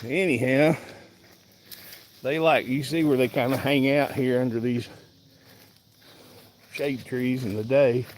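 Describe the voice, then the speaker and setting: A man with a steady, mid-range voice chats to viewers as he does farm chores outside in a pasture, a little breathless from hauling. He's a farmer vlogging as he works, filming on a handheld phone and drawling slowly with chatty asides. Poor audio adds a faint hiss or hum.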